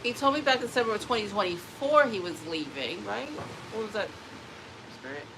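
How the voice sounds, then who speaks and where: A woman's voice: medium pitch, expressive, brisk, background noise. Emotional rambling woman vlogger with a drawl. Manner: emotional, rambling, restarts sentences. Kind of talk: casual personal vlog talk.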